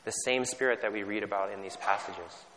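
A man's voice: on the low side, a little fast, a bit bright, slight background noise. A man from Canada preaching a sermon in a conversational, self-deprecating way, often restarting his sentences. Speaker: pastor. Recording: long hall reverb.

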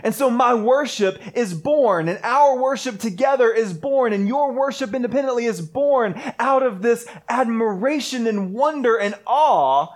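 A man's voice: extremely high pitch, animated, unhurried, hardly any pauses. A man preaching a sermon as pastor, earnest, building points through repeated phrases. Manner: earnest, repetitive preaching cadence.

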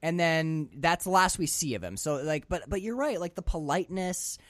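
A man's voice: fairly high pitch, expressive, normal speed, no room sound. A man in his twenties, an enthusiastic podcast co-host rambling in a casual movie chat. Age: 20s.

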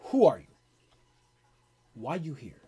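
A man's voice: a little high, big pitch swings, takes it slowly, warm tone, slightly rough, full character voice. A man voicing a stern, short, muscular male gully dwarf guard who demands answers in broken, terse speech. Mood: demanding.

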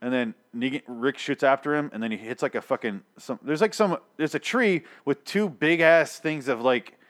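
A man's voice: medium pitch, normal speed, fairly bright tone. A man giving a casual, profane review of a TV episode, blunt and rambling, with frequent swearing and restarts.

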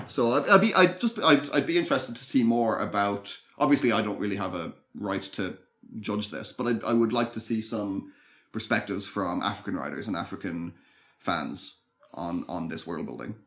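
A man with a somewhat low voice co-hosts a podcast. He talks in a relaxed, thoughtful way, often pausing and restarting his sentences as he works through an idea. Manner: thoughtful, hesitant with many restarts. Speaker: podcast co-host. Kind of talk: casual chat.

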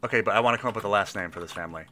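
A man with a bright, forward voice talks casually about a tabletop role-playing character. He thinks aloud, rambling with restarts and little laughs. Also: lowish voice, rapid-fire, slight background noise. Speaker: player building a tabletop character. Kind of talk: casual chat.

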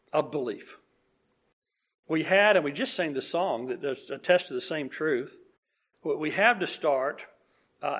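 A man's voice: on the high side, a bit bright. A man preaching a sermon in a conversational way, acting out quoted dialogue, with frequent fillers and restarts.

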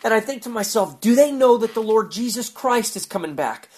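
A man's voice: sits high, lively intonation, fairly quick, a little mellow. A man pouring out an anguished, fervent spoken prayer, pleading and repeating himself. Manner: repetitive, fervent.

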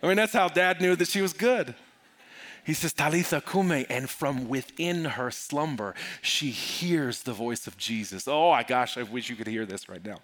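A middle-aged man preaching a sermon, moving from soft, confiding talk to loud, urgent preaching. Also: medium pitch, normal speed. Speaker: pastor.

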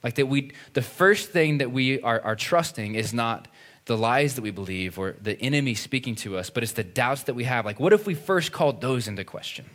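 A pastor delivering a conversational sermon, often asking "right?" and acting out quoted voices. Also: male voice, mid-range voice, expressive, brisk, a bit bright.

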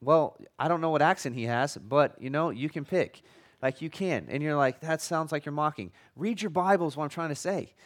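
A middle-aged man delivers a sermon in a relaxed, chatty way. His voice sits a little high for a man, and he often restarts phrases and drops in light jokes. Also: fairly quick. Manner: conversational, repeats and restarts words, jokey asides. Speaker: pastor.

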